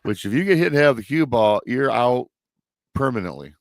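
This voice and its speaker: Brisk and animated, this medium-pitched male voice belongs to a Michigan talk show host chatting casually on a live show and prone to restarts. The studio-quality recording has no room sound.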